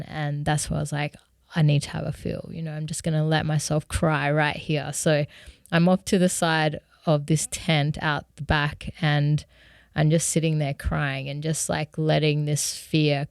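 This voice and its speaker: A young woman talks through a personal story in an earnest, candid way, with fillers like "you know" sprinkled throughout. Her voice sits low and sounds smooth and clear. The recording is close and dry, with no room sound. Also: darkish tone, no room sound. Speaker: musician vlogger.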